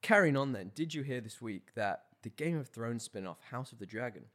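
A man's voice: mid-range voice, animated, fairly quick, a bit bright. A man co-hosting a podcast in casual chat, wry and teasing as he moves the talk from topic to topic. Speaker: podcast co-host.

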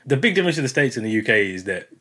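A man's voice: medium pitch, very animated, very fast, sharp tone, breathy edge. A man from Britain, a professor, chatting casually as an interview guest and often laughing.

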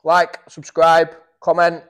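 Male podcast co-host, slightly raised pitch, blunt, sweary, chatty. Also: completely flat delivery, takes it slowly, smooth. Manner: blunt and sweary, riffing on tangents. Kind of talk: casual podcast chat.

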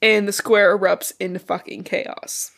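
A woman whose voice is thick with congestion, her nose stuffed up. She retells a book in loose, chatty podcast talk, cursing casually. Her pitch sits in a middling range. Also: little pitch movement, unhurried, gravelly, a bit bright. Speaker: podcast co-host.

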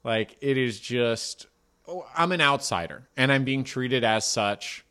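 A man in his thirties tells a sheepish story in a loose, rambling way. His voice sits at an ordinary middle pitch. He keeps mocking himself as he goes. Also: lively intonation, unhurried, bright, forceful tone, clear, resonant tone. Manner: rambling, self-deprecating, laughs through his own story. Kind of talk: casual storytelling chat.

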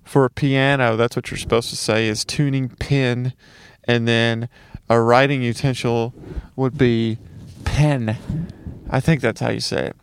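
A man's voice: mid-range voice, fairly even intonation, measured pace, clean tone. A man from Mississippi with a light Southern accent, doing a casual solo comedy monologue, ranting with profane, sarcastic asides.

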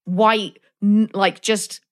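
Brief: woman, casual podcast co-host, animated, acts out reactions. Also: mid-range voice, very slow. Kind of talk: casual film discussion.

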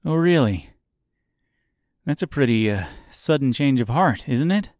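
A man's voice: mid-range voice, lively intonation, measured pace, a little mellow, dry recording, clean studio sound, pitched above the performer's own voice, lightly acted. A man reading the lines of a determined, angry young woman who presses with terse questions, in an audiobook. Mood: wary. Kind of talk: audiobook character voice.

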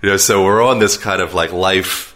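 Deep-voiced rambling man explaining. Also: normal speed, bright, forceful tone. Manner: rambling, filler-heavy, self-aware long-winded talk. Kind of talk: casual conversational explanation.

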